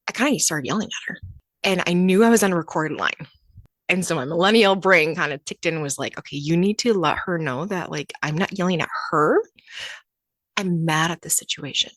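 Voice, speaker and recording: Candid woman podcaster, low and dry. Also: dry recording. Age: young adult. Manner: candid and conversational, acting out quoted exchanges. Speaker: podcast host. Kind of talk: personal storytelling monologue.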